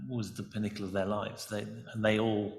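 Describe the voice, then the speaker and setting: A man's voice: lowish voice, little pitch movement, normal speed, gravelly. A man chairing a book festival panel and taking audience questions, with dry, teasing remarks. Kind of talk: panel moderation. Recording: echoey room, off mic.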